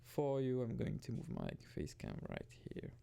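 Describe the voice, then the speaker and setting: A man's voice: medium pitch, wildly swooping pitch, moderate pace, gravelly, mellow. A young man giving rambling, casual gameplay commentary, often restarting and swearing casually. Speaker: gaming video host.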